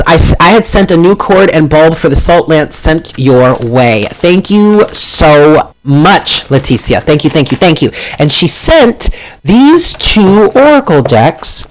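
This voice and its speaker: Brief: male live-stream host, higher-pitched, talkative, self-mocking, at a home desk mic. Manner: chatty, self-deprecating, exclaims often. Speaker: tarot reader and channel host. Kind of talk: casual live-stream chat.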